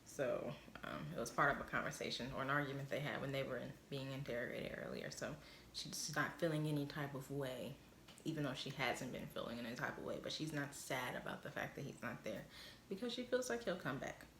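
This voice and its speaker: A woman's voice: very deep voice, brisk, fairly bright tone, a little hiss or hum. A woman chatting through a casual spoiler recap of a TV episode, rambling and leaning on "like" and "obviously". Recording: roomy echo.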